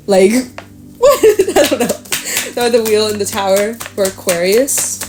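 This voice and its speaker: A woman's voice: a little high, lively intonation, normal speed, noisy background. A young woman giving a casual tarot reading, talking to the cards as she draws them, swearing offhandedly and laughing often. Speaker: tarot reader.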